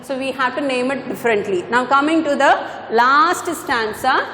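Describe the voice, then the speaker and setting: High-voiced woman lecturing in an echoey room. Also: moderate pace, bright, forceful tone, slight background noise. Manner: patient, repeats points, corrects herself. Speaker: English teacher. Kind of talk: classroom lecture on poetry. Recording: echoey room with long reverb.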